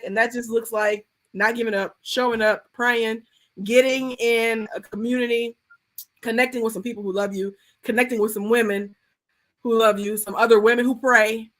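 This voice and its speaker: A woman pastor talking on a livestream through a video call. She speaks in casual slang with a lot of energy. When she prays, her voice swings between loud, high bursts and quiet, low stretches. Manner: animated, slangy, preacherly. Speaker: art therapy pastor hosting a livestream. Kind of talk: casual livestream chat and prayer.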